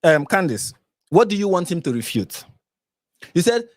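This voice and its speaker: A Nigerian-accented man hosting a live reaction commentary. He pushes points over and over with exasperated emphasis, his pitch swinging widely. The sound is close and dry. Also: big pitch swings, a little fast, no echo. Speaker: reaction channel host.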